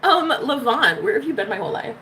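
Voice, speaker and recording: A woman's voice: on the high side, sing-song, brisk, pushed and bright, slight background noise. A woman hosting a casual spiritual livestream, reading out chat messages with a bubbly, teasing manner, swearing freely and laughing often. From United States.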